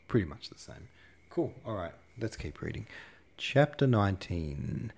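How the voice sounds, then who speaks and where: A man reading a novel aloud as podcast host, with relaxed, casual asides. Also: lowish voice, moderate pace, creaky.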